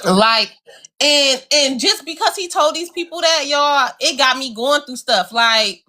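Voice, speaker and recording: With a high-pitched, unhurried voice, a woman co-hosting a relaxed talk show shares a story with real animation. She speaks directly to her audience as y'all and puts on voices for the characters.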